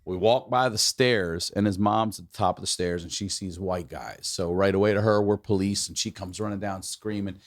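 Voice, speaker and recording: Low-voiced man telling a rowdy story. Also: moderate pace, hardly any pauses, no echo, studio quality. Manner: profane, animated, acts out quoted voices. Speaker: podcast co-host telling a story. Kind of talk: casual storytelling chat.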